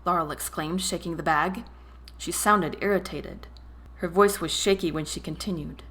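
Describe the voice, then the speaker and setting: A woman narrating a romance novel chapter in an expressive reading voice. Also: on the low side, normal speed. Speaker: audiobook narrator. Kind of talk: storybook narration.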